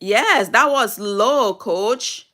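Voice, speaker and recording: Upset woman on a slow live stream. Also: a little high, bright, forceful tone. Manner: upset, pleading, scolding, with tearful laughs. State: teary. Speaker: live streamer reading chat. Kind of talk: emotional live stream talk to viewers.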